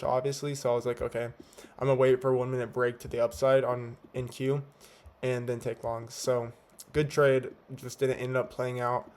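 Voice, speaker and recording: A young man giving a laid-back, slangy recap of his trading day, talking with a slight lisp from teeth whitening strips. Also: mid-range voice. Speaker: day trader. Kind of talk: casual trade recap. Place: home at night.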